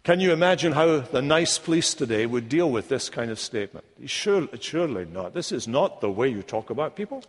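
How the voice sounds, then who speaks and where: A man preaching a sermon, emphatic and deliberate, with rhetorical questions. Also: mid-range voice, very animated. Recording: long echo of a large hall.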